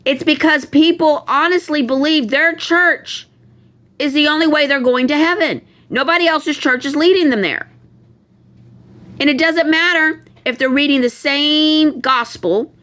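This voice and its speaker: A middle-aged woman telling a personal story in a casual monologue, growing emphatic and animated as she goes. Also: high-pitched. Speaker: spiritual video host.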